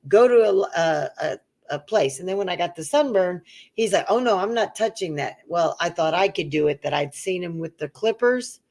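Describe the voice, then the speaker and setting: Her pitch fairly low and her speed normal, this middle-aged co-host recounts a long story from her own life during relaxed chat. She brings it to life by acting out the voices of the characters she quotes.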